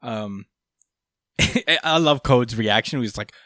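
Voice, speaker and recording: A man's voice: mid-range voice, slow pace, sharp tone, dry recording, studio quality. A man hosting a podcast, casually recapping a comic chapter, swearing freely with lots of fillers. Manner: laid-back, swears freely, many fillers. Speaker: podcast host.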